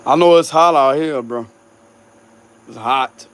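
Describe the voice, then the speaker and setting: Outdoors on a hot night, a Cajun-accented tarot reader rambles casually with his supporters in a mid-range, clear, resonant voice at a slow pace. He's laid-back, laughs often and swears without restraint.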